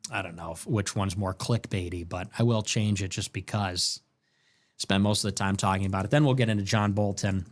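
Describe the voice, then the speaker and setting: A man hosting a late-night livestream commentary show, ranting in a heated, animated way and repeating himself with restarts as he works himself up. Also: fairly low pitch, fairly quick. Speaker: show host.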